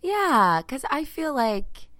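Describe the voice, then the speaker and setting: Woman co-host, unhurried and easygoing, pitch swings a lot, dry sound. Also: big pitch swings, pushed and bright, dry recording. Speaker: podcast co-host. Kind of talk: casual chat.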